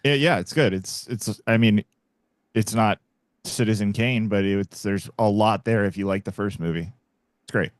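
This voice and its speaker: A man's voice: on the low side, moderate pace, dry recording. A man co-hosting a casual podcast, teasing and bantering with the others. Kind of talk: casual chat.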